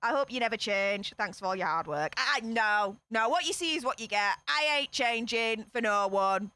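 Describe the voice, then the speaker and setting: A woman's voice: a little high, expressive, sharp tone, clear, resonant tone, dry recording. A woman in her thirties with a Yorkshire accent, hosting a casual livestream and greeting viewers in a sassy, chatty way. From Yorkshire, England. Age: 30s. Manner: sassy, chatty, quick greetings with northern slang. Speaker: livestream host.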